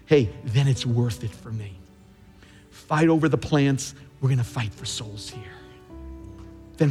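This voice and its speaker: A middle-aged man preaching a sermon as pastor, emphatic, leaning hard on key words and slowing down to stress them. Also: medium pitch, darkish tone. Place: large church sanctuary. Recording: long hall reverb, faint music.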